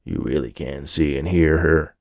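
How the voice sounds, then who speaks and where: Crooked cop voiced by a male narrator, gravelly menace, deep and husky. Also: fairly even intonation, moderate pace, dry recording, studio quality. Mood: menacing. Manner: low gravelly threatening tone. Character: menacing crooked police officer, man.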